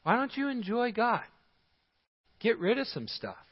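A man's voice: extremely high pitch, very animated, measured pace, husky. A man preaching a sermon as pastor, emphatic, giving short commands and chuckling at his own points. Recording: dull sound in a large hall with long reverb.

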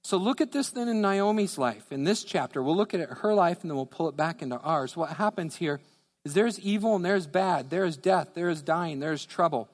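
A man preaching a sermon as pastor, emphatic and repetitive, dropping his voice low to stress key phrases, recorded in a church sanctuary. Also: animated, normal speed. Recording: church hall with long reverb.

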